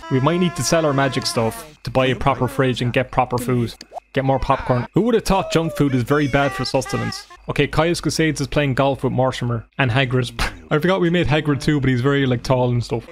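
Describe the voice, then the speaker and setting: A young Irish man giving sarcastic, sweary let's-play commentary over a game. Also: mid-range voice. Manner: sarcastic, sweary, deadpan asides. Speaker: gaming streamer.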